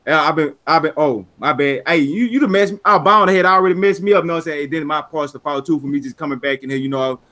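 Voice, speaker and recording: Man, podcast co-host, rambling, jokey, slightly high voice. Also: fast talker, few pauses, sharp tone. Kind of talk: casual gaming chat.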